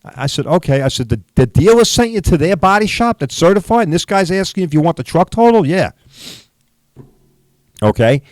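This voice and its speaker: A man's voice: sits high, sing-song, fairly quick, a little mellow, no echo. A middle-aged man who hosts a podcast and tells a story in a profane, emphatic rant, often asking "right?". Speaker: podcast host, body shop owner.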